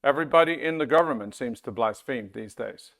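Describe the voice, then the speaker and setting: A man teaching a Bible-school class in a casual, conversational way, often checking in with his listeners and reading scripture aloud slowly. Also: mid-range voice, vocal fry, fairly bright tone.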